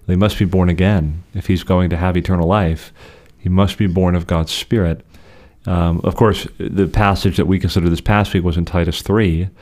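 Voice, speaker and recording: Co-hosting a podcast, a man explains theology in a measured, conversational way, often restarting his sentences. His voice is low and darkish in tone, with fairly even intonation.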